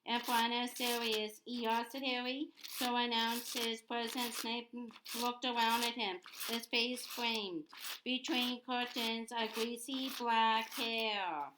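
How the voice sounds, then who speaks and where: A woman reading a novel aloud, halting often and repeating words, in a noisy home recording. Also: fairly high pitch, fairly even intonation. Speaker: audiobook reader.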